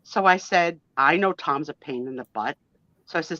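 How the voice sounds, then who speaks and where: A woman's voice: lowish voice, lively intonation, a little fast, a bit bright, dry recording. A woman in her fifties, a guest on a live chat show, telling a story in a gushing, emotional, chatty way with mild swearing. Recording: dull lo-fi, dry sound.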